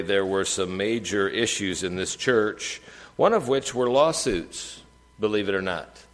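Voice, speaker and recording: Male pastor, lowish voice, relaxed conversational sermon delivery. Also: low-quality recording. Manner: conversational preaching with asides to the congregation.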